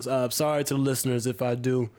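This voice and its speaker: A man's voice: mid-range voice, little pitch movement, quick pace, a little mellow. A man co-hosting a casual podcast, laughing often and bantering profanely, with a sore throat. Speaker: podcast co-host. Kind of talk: casual chat.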